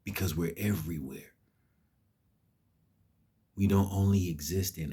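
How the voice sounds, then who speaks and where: A man's voice: deep voice, fairly even intonation, measured pace, pauses often, mellow, breathy edge. A man giving an impassioned, preachy vlog monologue, emphatic and cursing. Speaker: vlogger.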